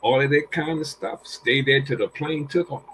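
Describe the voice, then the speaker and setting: Older man telling stories, bright forceful voice. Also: medium pitch, normal speed, a little hiss or hum, poor audio. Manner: acts out quoted dialogue with a raised voice; repeats and restarts phrases. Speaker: panel guest. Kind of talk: casual storytelling.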